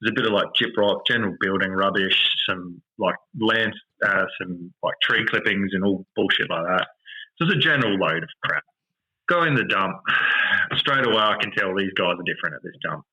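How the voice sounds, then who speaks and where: An Australian man hosting a podcast, telling a story in an animated, exasperated rant with lots of swearing. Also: sits low, moderate pace, breathy edge, rough recording. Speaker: podcast host. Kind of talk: casual storytelling chat.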